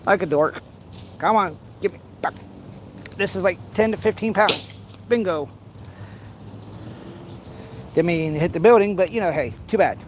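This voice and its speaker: A man's voice: high voice, moderate pace, long pauses, background noise. A man casually chatting to his livestream viewers while fishing outdoors, rambling with many restarts and playful teasing. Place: outdoors by a pond.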